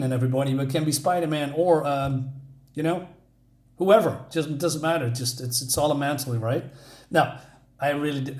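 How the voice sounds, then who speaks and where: Male comic reviewer, eager and rambling, voice on the higher side, echoey room. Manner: enthusiastic, rambling with many restarts. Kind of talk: casual review vlog.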